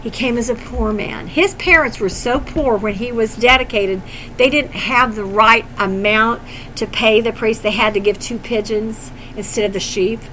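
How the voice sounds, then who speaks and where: A woman teaching through scripture with a high, bright voice, swinging from quiet explanation to emphatic remarks. She talks casually and digresses with pointed asides. A faint hum of room ambience sits underneath. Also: normal speed, poor audio. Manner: animated, conversational, opinionated asides. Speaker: Bible teacher. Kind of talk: Bible study teaching.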